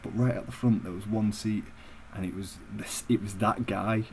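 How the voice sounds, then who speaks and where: A young man tells a story in a low-pitched voice, blunt and full of swearing. He talks to the camera in a casual, conversational way, with some faint background hiss. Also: fairly even intonation, moderate pace, a little mellow, low-quality recording. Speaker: vlogger. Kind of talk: profane storytelling rant.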